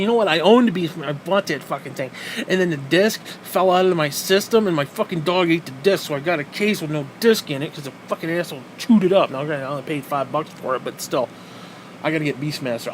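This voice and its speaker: A man's voice: a little high, slight background noise. Profane, exasperated man ranting solo. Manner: profane, exasperated ranting with mocking rhetorical questions. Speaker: podcast host. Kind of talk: solo ranting podcast monologue.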